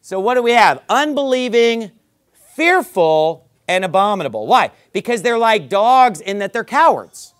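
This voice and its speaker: A man preaching a sermon to his congregation, swinging from quick asides to loud, emphatic stresses on key words. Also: high-pitched, very animated. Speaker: pastor. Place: church service.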